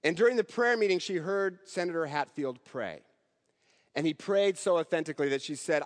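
A man preaching a sermon in an earnest way, with emphatic rises and soft drops, closing in prayer. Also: a little high, animated, brisk, long reverb tail. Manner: earnest, rising and falling emphasis, ending in prayer.

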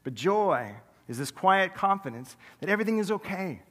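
Joking pastor in a reverberant church. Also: male voice, high-pitched, very animated, a bit bright. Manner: conversational, self-deprecating humor with quick asides. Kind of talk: sermon. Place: large church sanctuary.

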